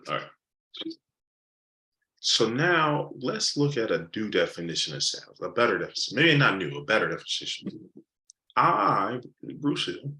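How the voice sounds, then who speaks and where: A man teaching a live sales training session, acting out customer conversations and repeating key points for emphasis. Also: on the low side. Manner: animated, acts out customer dialogues. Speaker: sales coach. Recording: roomy echo.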